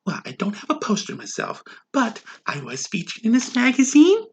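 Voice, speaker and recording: A flirtatious adult librarian, voiced by a woman in a comedic sitcom reenactment. She speaks softly and coyly, with a sultry manner. Her pitch moves in a lively, teasing way. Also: moderate pace, breathy edge, exaggerated voice.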